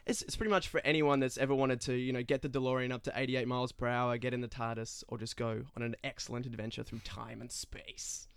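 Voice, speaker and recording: A man from Toronto, a theatre performer, pitching his show in an upbeat, chatty way. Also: level tone, quick pace, few pauses, clear, resonant tone, dry recording. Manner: upbeat and chatty, with many likes.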